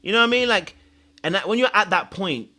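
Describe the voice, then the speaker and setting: A man hosts a dating-advice podcast. His voice sits fairly high and swings widely in pitch. He talks emphatically and confessionally, often acting out his own thoughts. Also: lively intonation, fairly quick, sharp tone. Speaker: podcast host and dating coach. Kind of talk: animated advice monologue.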